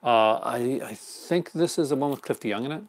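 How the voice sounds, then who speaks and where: A man's voice: medium pitch, moderate pace. A man hosting a live unboxing stream in casual chat, rambling and chuckling often. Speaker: host.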